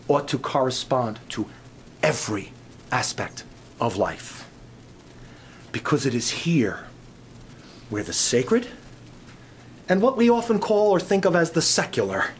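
A middle-aged man preaching a sermon, telling stories and swinging between loud emphatic peaks and soft low asides. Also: very animated, a little slow, long pauses, slight background noise. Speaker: pastor.

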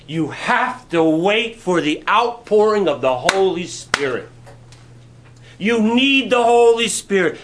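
A male preacher delivers a sermon in an animated way, slipping into acted-out quotes. His voice is high and swoops widely. A faint hiss of noise lies behind him. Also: a little slow.

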